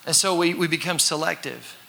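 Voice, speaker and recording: Animated bright-voiced male preacher. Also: on the high side, a little fast, creaky. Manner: animated, acts out voices and shouts for effect; conversational with congregation call-and-response. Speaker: pastor. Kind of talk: sermon.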